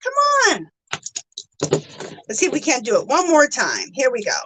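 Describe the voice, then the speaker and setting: A woman's voice: a little high, huge pitch swings, quick pace, slightly rough, rough recording. A woman hosting a casual craft livestream, chatting with viewers and gushing with thanks. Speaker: livestream host.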